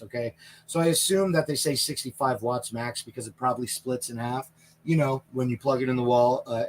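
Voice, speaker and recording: A man's voice: mid-range voice, a bit bright. Chatty Canadian man, live-stream host. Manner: chatty and rambling, answers viewer questions. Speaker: livestream product reviewer. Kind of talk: casual live-stream chat. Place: inside a small camper trailer.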